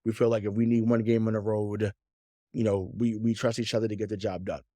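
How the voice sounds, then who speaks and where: A man hosting a sports podcast speaks in a fairly low, level, mellow voice at a slightly quick pace. The chat is casual and profane, with frequent laughter and words repeated as he picks up steam. There's no echo.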